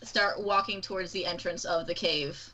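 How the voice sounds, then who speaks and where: A woman's voice: fairly low pitch, steady tone, normal speed, pushed and bright, rough recording. A woman playing a tabletop game, chatty and a bit hesitant. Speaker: player. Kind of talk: tabletop role-play chat.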